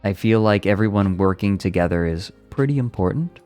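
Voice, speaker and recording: A man's voice: on the low side, fairly quick, a little mellow, faint music behind. A male streamer reading an article aloud and breaking off into casual, profane asides. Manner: profane, rambling asides between read passages.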